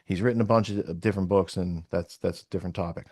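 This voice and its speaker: A man's voice: low-pitched, steady tone, fast, darkish tone, breathy edge, dry recording. Man hosting a podcast, dry close sound. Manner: rambling, thinking aloud while browsing sources. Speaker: podcast host. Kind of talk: casual podcast talk.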